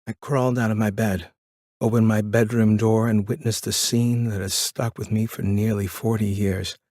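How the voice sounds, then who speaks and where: Low-voiced male audiobook narrator. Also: level tone, darkish tone, no echo, clean studio sound. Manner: measured, reflective first-person telling.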